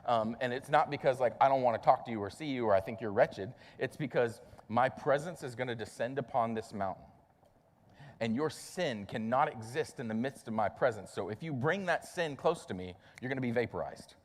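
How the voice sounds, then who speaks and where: A man's voice: mid-range voice, expressive, brisk. A man in his thirties, a pastor giving a casual, conversational sermon and acting out quoted voices. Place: church sanctuary. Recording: long reverb of a large hall.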